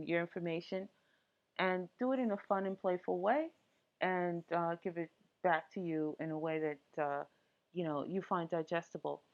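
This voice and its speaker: A woman's voice: fairly low pitch, muffled recording. A woman hosting a casual tech tutorial, chatty and full of small asides and fillers. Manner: chatty, lots of ums and asides.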